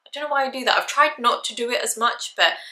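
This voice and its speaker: Bright-voiced woman chatting a haul. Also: a little high, quick pace, roomy sound. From England. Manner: chatty, upbeat, voice jumps up when saying prices. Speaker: fashion haul vlogger. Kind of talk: casual haul chat to camera.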